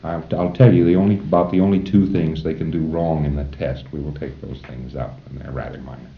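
A man's voice: very deep voice, steady tone, a little fast, creaky. A man lecturing a class of trainees in a folksy way, chuckling now and then and acting out short exchanges between tutor and student. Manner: folksy, chuckling, acts out dialogues. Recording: roomy, dull old lecture tape.

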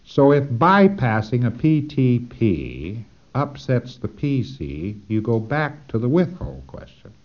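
A man's voice: medium pitch, big pitch swings, slow. A man giving a technical lecture, explaining step by step with dry humor and acting out short examples, on a dull lo-fi tape recording.

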